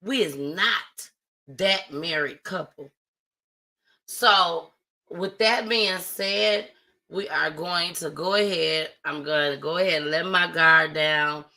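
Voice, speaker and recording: A woman hosting a live stream talks casually and from the heart, chatting directly to her viewers. Her lowish voice is slow, bright and forceful, captured on a rough recording.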